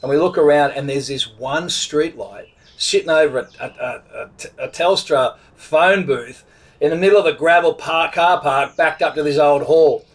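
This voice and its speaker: Middle-aged aussie bloke rambling through a travel yarn, voice sits a bit high. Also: male voice, moderate pace. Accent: Australian. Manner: rambling, lively retelling with many restarts and acted quotes. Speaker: vlogger telling a travel story. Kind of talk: casual storytelling.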